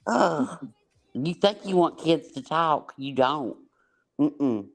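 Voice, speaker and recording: A woman's voice: low-pitched, expressive, slow pace, a little hiss or hum. A woman, hosting a livestream panel and telling blunt, laughing stories. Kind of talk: casual storytelling on a panel.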